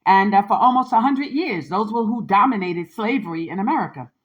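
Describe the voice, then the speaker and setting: A woman's voice: mid-range voice, expressive, fairly quick, lo-fi sound. A woman hosting a podcast in a candid, casual monologue. She talks emphatically and with sass, keeps tagging her points with "okay?" and uses a lot of slang. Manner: slangy and sassy. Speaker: podcast host.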